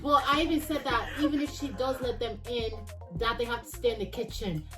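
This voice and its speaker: A woman's voice: fairly high pitch, fairly quick, distant mic, music in the background. A young woman in her twenties in a casual chat with friends, sounding tired and swearing freely as she talks. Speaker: guest friend.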